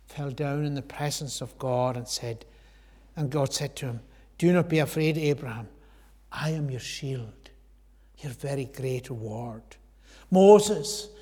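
Earnest preacher in a reverberant hall. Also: male voice, fairly high pitch. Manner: earnest, swells loud then drops to a hush. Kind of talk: sermon.

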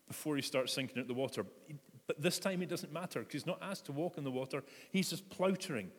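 A man's voice: mid-range voice, breathy edge. A man preaching a reflective sermon, retelling a story and inviting his listeners to picture it. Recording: echoey hall reverb.

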